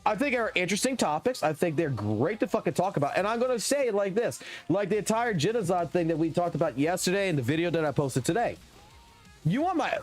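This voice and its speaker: A male game streamer rants live with nonstop swearing, and his voice leaps up and down as he gets worked up. He sits high for a man, and faint music runs underneath. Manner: heavy swearing, animated and excitable. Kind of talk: profane live stream rant while gaming.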